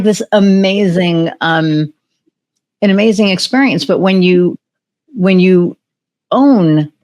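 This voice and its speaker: Animated woman telling a personal story. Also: fairly low pitch. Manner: animated, acts out remembered dialogue; many fillers and restarts. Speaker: podcast guest. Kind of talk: casual storytelling interview.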